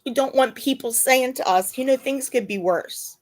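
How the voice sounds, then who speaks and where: A woman's voice: sits high, moderate pace. A woman hosting a casual live chat from her bed at home, emotional and close to tears. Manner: talks to her pets mid-stream. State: dry mouth. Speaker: channel host.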